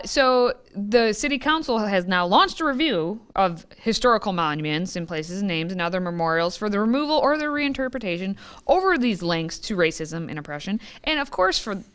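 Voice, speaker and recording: A woman's voice: mid-range voice, fairly bright tone, clean tone. A woman co-hosting a casual commentary show, wry and sarcastic as she lays out the story and reads quotes aloud. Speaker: co-host. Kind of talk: casual political commentary chat.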